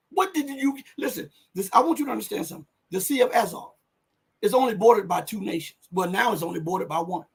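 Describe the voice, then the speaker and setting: A man hosting live political commentary, speaking in an impassioned, rhetorical way, repeating phrases for emphasis and rising toward shouts on key points. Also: extremely high pitch, breathy edge.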